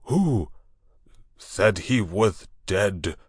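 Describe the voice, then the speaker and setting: A man voicing a drunk, dull-eyed companion in an audiobook, speaking slowly and emphatically with a slur. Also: low-pitched, lively intonation, slightly rough, no echo, studio quality, exaggerated voice. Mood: drunken. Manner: slow, slurred, emphatic.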